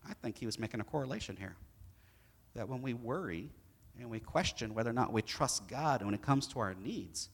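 A middle-aged man preaching a sermon, his delivery animated as it swings between loud bursts and hushed moments. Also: mid-range voice, a little fast, creaky, breathy edge. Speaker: pastor.

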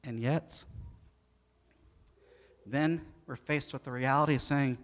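A middle-aged man delivers a sermon in a high, bright voice. His preaching is animated and rises to loud peaks, then drops to quiet, hushed lines. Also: measured pace, long pauses. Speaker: pastor.

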